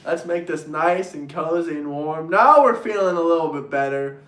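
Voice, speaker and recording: A man hosting a political livestream, ranting in a mocking, crude, sarcastic way and mimicking opponents in shrill voices. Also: moderate pace, a bit bright, echoey room. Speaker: livestream host reading super chats.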